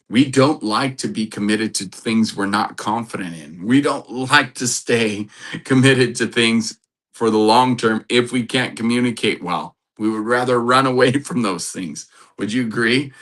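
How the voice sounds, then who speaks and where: Middle-aged male relationship coach, earnest and rambling, slightly low pitch, forceful bright tone. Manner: earnest, rambling, with restarts and laughs. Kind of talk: motivational talk to camera.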